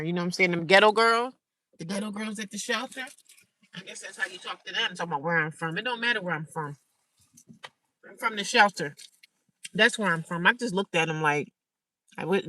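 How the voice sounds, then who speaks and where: A woman's voice: fairly low pitch, a little fast, no room sound, far from the mic, rough recording. A woman chatting casually on a livestream, telling her stories bluntly and animatedly and repeating herself for emphasis. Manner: blunt, repetitive, animated storytelling. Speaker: livestreamer sharing her daily life.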